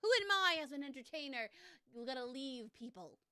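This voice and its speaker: A woman in her thirties hosts a casual live stream and rambles from topic to topic, often teasing herself. Her voice is smooth and crisp with a slightly raised pitch. The sound is close and dry, with no room echo. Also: animated, brisk, sharp tone. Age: 30s. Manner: rambling and self-teasing, with many fillers and restarts. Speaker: tarot reader and live streamer.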